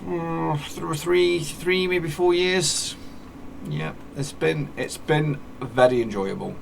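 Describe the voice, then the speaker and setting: A man's voice: on the high side, slow, vocal fry, slight background noise. A man chatting casually as he plays a football management game, narrating the matches like a commentator and often correcting himself as he talks. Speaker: gaming YouTuber.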